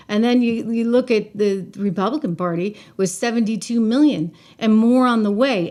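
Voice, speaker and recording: A woman hosting a casual political commentary stream, talking to viewers in an animated, emphatic way with frequent restarts and asides. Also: medium pitch.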